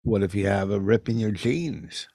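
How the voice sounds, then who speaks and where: A man co-hosting a podcast in casual chat, talking bluntly with deadpan quips into a close mic. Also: on the low side, normal speed, no room sound. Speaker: podcast co-host.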